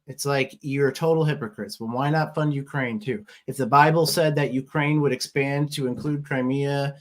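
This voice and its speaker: A man's voice: medium pitch, fairly even intonation, normal speed, few pauses. Male host, mid-range voice, casual and pointed, a sarcastic edge. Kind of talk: casual political commentary.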